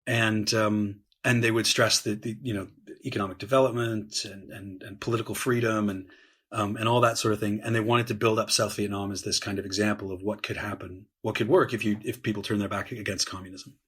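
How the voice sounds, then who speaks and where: A male history professor talks through the past as a guest, eager and fluent, often restarting his phrases and voicing quotes with gusto. His voice sits low and carries a husky edge. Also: steady tone, a little fast, a bit bright. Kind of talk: animated conversational explaining.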